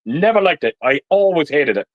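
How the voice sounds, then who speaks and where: A man hosts a casual movie chat over a video call, blunt and swearing often, tripping over his restarts. His voice sits high for a man, and the sound is dry and close with no room in it. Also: sing-song, fairly quick, no echo, muffled recording. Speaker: live stream host.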